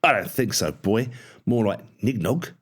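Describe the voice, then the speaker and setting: Man acting as a bullying drill sergeant, barking, sneering, deep voice, audiobook. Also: expressive, unhurried, husky. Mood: barking, contemptuous. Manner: barking, abusive and menacing. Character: harsh bullying male army drill sergeant.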